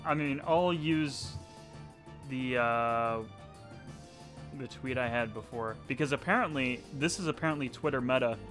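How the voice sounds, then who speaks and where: A man's voice: mid-range voice, measured pace, music in the background. A young man streaming a game, chatting casually and rambling as he plays. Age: young adult. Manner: chatty, rambling, often laughing. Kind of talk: casual let's-play chat.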